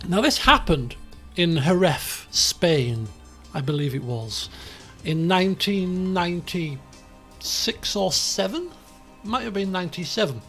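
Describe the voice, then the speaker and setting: A man's voice: sits high, animated, slow, a bit bright, faint music behind. A man streaming a racing management game, chatting casually in a rambling, self-deprecating way. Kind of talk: casual live-stream commentary.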